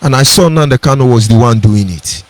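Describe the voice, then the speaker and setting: A man's voice: mid-range voice, a little fast, no room sound. A man with a Nigerian accent giving an impassioned, preacherly radio address and repeating his key phrases. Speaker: radio broadcaster.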